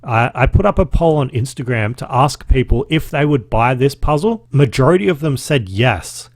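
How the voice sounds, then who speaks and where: A man in his thirties with an Australian accent talks in a loose, chatty way, swearing often. His pitch is mid-range for a man. The recording is dry and close, with no room sound. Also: lively intonation, normal speed, no room sound. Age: 30s. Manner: chatty and profane, with laughs. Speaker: podcast host. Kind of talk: casual solo podcast recap.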